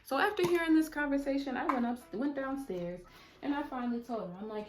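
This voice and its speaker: A woman in her twenties chatting casually while doing her makeup, talkative and animated, often saying "mind you". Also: on the high side, brisk, faint music behind. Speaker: beauty vlogger.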